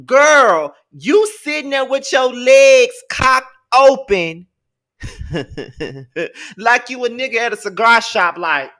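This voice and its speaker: A man's voice: extremely high pitch, measured pace, hardly any pauses, bright, forceful tone. A man giving a casual rant as a commentator, sassy, profane and emphatic.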